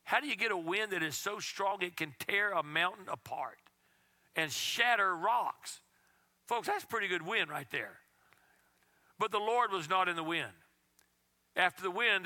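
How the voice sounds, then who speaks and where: A man preaching a sermon as pastor, reading scripture aloud and at times dropping his voice to a hush. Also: on the high side. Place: church.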